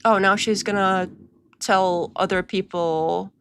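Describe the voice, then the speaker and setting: A woman's voice: mid-range voice, steady tone, takes it slowly, fairly bright tone, slight background noise. A woman hosting a live reaction stream, giggly and sarcastic as she mocks what she watches. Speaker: host of a watch-along stream.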